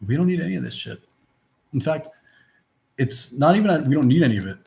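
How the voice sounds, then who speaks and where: A man's voice: fairly high pitch, animated, quick pace, gravelly, warm tone. A man giving a rambling, philosophical monologue, blunt and profane, with many restarts. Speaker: vlogger. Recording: roomy echo.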